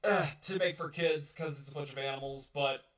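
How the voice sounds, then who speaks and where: Male stream host, slightly high voice, loose profane rambling, recorded far off the mic. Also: fairly even intonation, fairly quick, a bit bright, echoey room. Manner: rambling and profane, with many restarts. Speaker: host of a live-streamed talk show. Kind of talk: casual live-stream chat.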